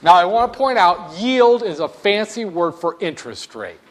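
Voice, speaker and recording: A man's voice: high-pitched, animated, moderate pace. A man giving a classroom finance lecture, wry and joking, acting out little scenes for his students.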